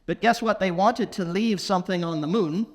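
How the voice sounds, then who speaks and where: Man, conference keynote, high voice, playful audience questions, slow deliberate phrasing, long reverb of a big hall. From England. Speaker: keynote speaker.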